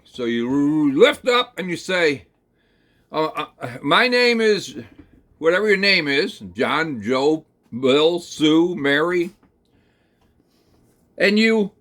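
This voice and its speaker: A man telling a rambling, folksy second-person story, talking slowly through it with plenty of hesitations and fillers. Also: on the high side, sing-song, a bit bright. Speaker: channel host.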